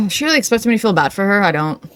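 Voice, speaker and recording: A woman's voice: medium pitch, big pitch swings, fast. Sarcastic young woman, reaction host. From Arab. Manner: sarcastic, mocking. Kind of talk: reaction commentary.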